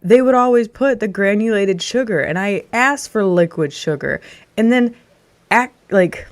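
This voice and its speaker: A woman's voice: mid-range voice, animated, a little slow. A young adult woman streamer chatting casually with her audience, ranting through a story and laughing often. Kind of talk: casual chat to a live audience.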